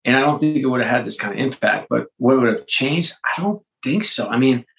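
A man, a sports executive and author, talking casually as an interview guest, with lively storytelling and frequent restarts. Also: mid-range voice, fairly quick, creaky, a little hiss or hum, rough recording.

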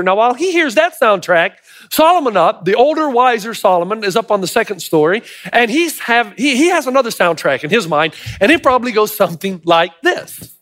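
A man's voice: sits high, sing-song, brisk, a bit bright, faint music behind. A male pastor preaching a sermon, telling a joke with acted voices and asking the congregation rhetorical questions.

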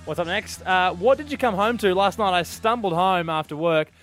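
A young man co-hosting a radio show, telling stories with animated, playful energy into a studio mic. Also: sits high, moderate pace, soft background music. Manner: animated storyteller, chatty and playful. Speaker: radio co-host. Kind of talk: casual radio banter.

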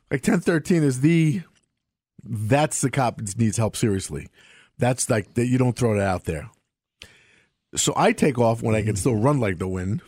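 A man's voice: mid-range voice, normal speed, a little mellow, husky, no echo, clean studio sound. A middle-aged man, a former police officer, telling rambling self-mocking stories with laughter on a talk show. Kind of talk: casual storytelling on a sports talk show.

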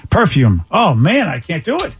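A man's voice: fairly high pitch, wildly swooping pitch, normal speed. A male radio host in casual morning show banter, joking and teasing his co-hosts.

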